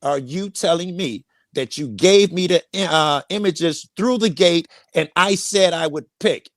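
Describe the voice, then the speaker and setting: This man argues hard and doesn't let go, cutting in with pointed questions and plenty of profanity. His voice sits fairly high for a man. It's recorded close and dry, with no room sound. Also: a little slow, dry recording. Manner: confrontational, profane, presses with repeated questions. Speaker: podcast co-host. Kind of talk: heated argument.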